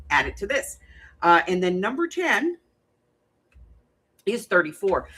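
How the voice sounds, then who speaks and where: A woman with a low, husky voice hosts a relaxed craft livestream from home. She rambles cheerfully, jokes and laughs often, and her pitch swings widely as she talks through the prompts. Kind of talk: casual chatty craft livestream.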